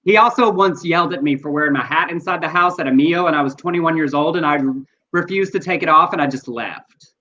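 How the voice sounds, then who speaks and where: A man's voice: fairly high pitch, a little fast. A man with a Texan accent co-hosting a casual livestream chat, reading out viewer comments. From Texas. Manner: reads viewer comments aloud, chatty and animated. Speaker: co-host. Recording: dull lo-fi stream audio.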